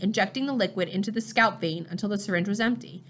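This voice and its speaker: A woman narrating a novel chapter in a steady, measured storytelling voice. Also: medium pitch, slight background noise. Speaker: audiobook reader.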